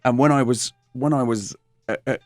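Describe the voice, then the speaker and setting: A man's voice: mid-range voice, moderate pace, dry recording, clean studio sound, soft background music. A man from Essex, England, with an Essex English accent, an actor telling stories as a guest and slipping into voices. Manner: animated storyteller, slips into voices. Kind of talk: casual interview chat.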